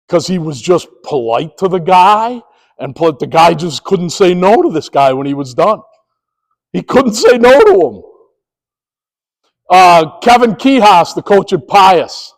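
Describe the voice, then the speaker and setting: High-voiced man giving a training talk. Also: slow pace, long pauses, in a large hall, low-quality recording. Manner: storytelling, animated, acts out quoted dialogue. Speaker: de-escalation trainer and former police officer. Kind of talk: presentation to sports officials.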